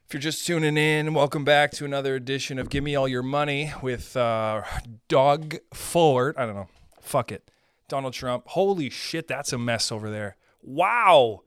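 A man's voice: medium pitch, lively intonation, unhurried, a bit bright, smooth, no room sound, clean studio sound. Profane rambling podcast host, man. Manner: profane, rambling, playful impressions of others. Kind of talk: casual comedic rant.

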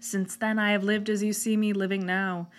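A woman's voice: medium pitch, flat delivery, close to an everyday voice. A woman reading the lines of an embittered, eloquent old male scholar living as a recluse, in a storybook reading over guitar music. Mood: bitter. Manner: bitter, eloquent, measured.

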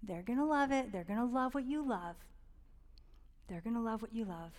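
A woman's voice: a little high, animated, normal speed, big-room sound. Earnest woman sharing parenting faith. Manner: earnest and heartfelt, drops to a whisper on tender points; rambling, many fillers and restarts. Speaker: Christian parenting speaker. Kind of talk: casual devotional talk on parenting.

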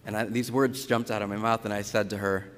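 A Catholic priest giving a conversational sermon, telling stories from the pulpit with lively retellings. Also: male voice, fairly low pitch, fast, slight background noise. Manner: conversational storytelling, animated retellings. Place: church. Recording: church reverb.

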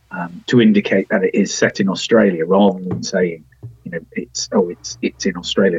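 A man talks through an old TV episode in relaxed review chat, his pitch bouncing around lively. His voice is a touch husky, and the recording is dry and a little dull. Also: no echo. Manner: chatty, frequent ums and restarts, wry asides. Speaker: podcast host and TV reviewer.

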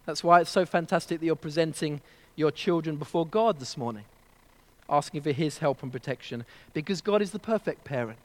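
A man preaches in an earnest, storytelling way, speaking gently and directly to his listeners. His voice sits high for a man, and it trails off into the long reverb of a large hall. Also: a little fast. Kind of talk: sermon at a child dedication service.

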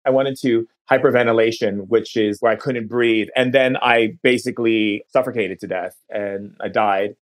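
A man who is a podcast guest, recounting a personal story in an earnest, unhurried way and often slowing down to linger on words. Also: on the low side, steady tone.

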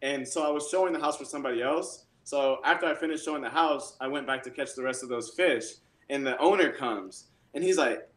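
Excitable man telling stories in a roomy space. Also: mid-range voice, a little fast, hardly any pauses. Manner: excitable, animated storyteller. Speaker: guest angler and realtor. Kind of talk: casual storytelling. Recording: roomy echo.

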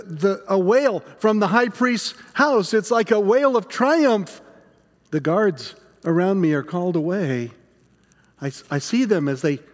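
A man playing the frightened, guilt-stricken apostle Peter in a dramatic first-person monologue, halting and stammering over his words. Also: high voice, long reverb tail.

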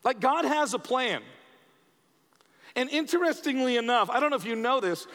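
A man's voice: extremely high pitch, expressive, moderate pace, a bit bright. A male pastor preaching a sermon in an emphatic, conversational way, often repeating words for stress. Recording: long reverb of a church hall.

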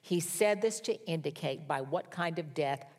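Older female pastor, lower register, homespun storyteller with a wry streak. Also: moderate pace, darkish tone. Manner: conversational, folksy storytelling with wry humor. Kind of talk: sermon.

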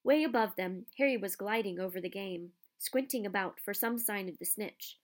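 Woman reading a storybook out loud, expressive, mid pitch. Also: normal speed. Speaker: narrator. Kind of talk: storybook narration.

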